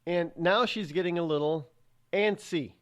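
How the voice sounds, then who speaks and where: A man's voice: sits high, measured pace, a bit bright. A man hosting a talk radio show, delivering a sarcastic, rambling opinion monologue with frequent restarts and repeated words.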